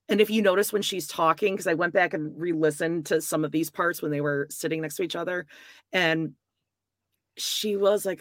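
A woman's voice: fairly low pitch, no echo, clean studio sound. A woman in casual gossip chat, talking with lots of fillers and giving blunt opinions.

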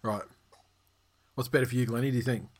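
A man hosts a podcast in a loose, casual style. He rambles and restarts his sentences, fills the gaps with fillers and swears now and then. His voice sits at an ordinary middle pitch. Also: steady tone, fast talker. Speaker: podcast host. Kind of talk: casual chat.

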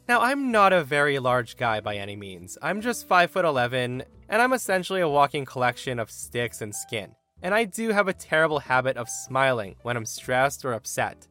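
A man narrating entitled-people stories as host, in an animated, expressive manner. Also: mid-range voice, normal speed, hardly any pauses, faint music behind. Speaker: story narrator and podcast host. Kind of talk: storytelling narration of reddit posts.

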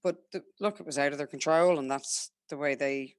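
A woman's voice: deep voice, brisk, no room sound. A young Irish woman telling her own story frankly and chattily, quoting herself and others as she goes. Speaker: guest sharing her story. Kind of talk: candid personal storytelling.

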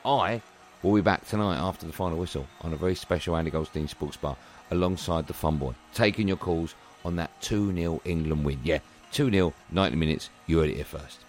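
A man's voice: low voice, a little fast, a little mellow. A male podcast host signing off an upbeat episode, confident and jokey. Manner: jokey, confident, playful predictions. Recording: voice over faint music.

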